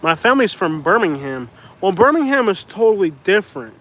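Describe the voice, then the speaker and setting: A man's voice: sits high, sing-song, fairly quick, fairly bright tone. A man chatting casually on a livestream, rambling and laughing as he talks. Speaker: vlogger, livestream host.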